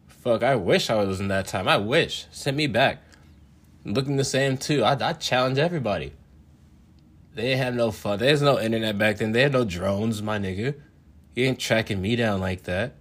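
A young man riffing in a profane, swaggering comedic rant, slangy and laughing often, a little high. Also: a bit bright. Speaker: show host.

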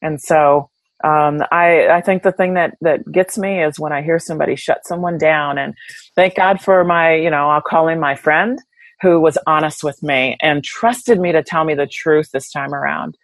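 A woman's voice: low voice, normal speed, no room sound, poor audio. A woman guest in an interview, telling stories candidly and reflectively, with many fillers and restarts. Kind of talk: conversational interview.

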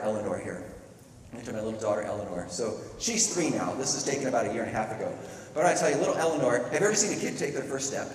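A middle-aged man preaching a sermon, telling stories with lively acted-out quotes. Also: a little high, recorded from a distance, slight background noise. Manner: animated storytelling with playful acted quotes. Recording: echoey hall, speaker away from the mic.

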